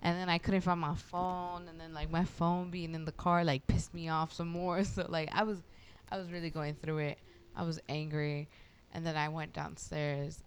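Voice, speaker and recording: A young woman who is a guest on a podcast, telling a story in casual, animated chat and swearing freely. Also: low-pitched, normal speed, clean tone.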